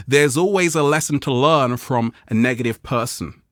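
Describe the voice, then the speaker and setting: In a clean studio recording with no room sound, a man hosts a motivational vlog at a moderate pace. He's playful and animated toward viewers, with frequent laughs and high-pitched renditions of people he quotes.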